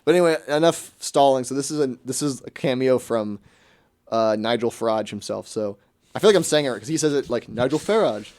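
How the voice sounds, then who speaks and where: Young american guy hosting a radio show, talks fast, rambly, smooth clear voice. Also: mid-range voice, a little mellow. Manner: rambling, chatty, many restarts. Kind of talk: casual chat.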